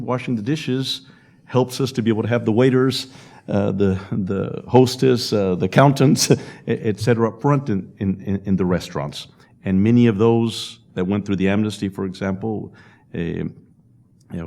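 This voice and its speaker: A man's voice: on the low side, a little mellow. A man speaking at a public panel discussion, telling stories and acting out quotes with laughs. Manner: storytelling with acted-out quotes and laughs.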